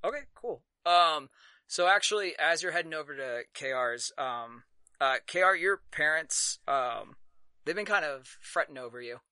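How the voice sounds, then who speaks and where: A man narrating as game master of a tabletop game, halting with many fillers and quick to laugh. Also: on the high side, expressive, pushed and bright, smooth, no room sound.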